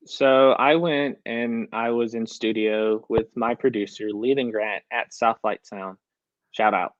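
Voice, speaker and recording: A young man rambles through an interview story, replaying his own past reactions line by line. His middle-pitched voice sounds close and dry, with a slightly dull, lo-fi tone. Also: fairly even intonation, measured pace, dry recording. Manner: storytelling, quoting himself with "I was like" often. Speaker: country recording artist, guest. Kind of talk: casual interview chat.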